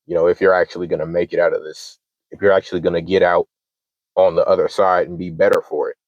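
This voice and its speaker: A man's voice: low voice, flat delivery, quick pace, dry recording, muffled recording. A man in his twenties telling a story as a channel host, heated and profane, acting out both sides of arguments. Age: 20s. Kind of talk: casual storytelling rant.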